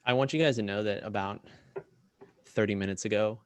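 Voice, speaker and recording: A man narrating a tabletop role-playing game as game master, in a lively way with frequent fillers and restarts. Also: fairly low pitch, brisk, no echo.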